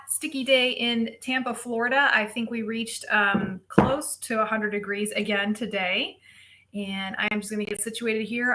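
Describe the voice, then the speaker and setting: A woman's voice: mid-range voice, pushed and bright. A woman physical therapist hosting a casual live show, chatty and greeting viewers by name. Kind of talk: casual live-stream chat. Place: home, Tampa.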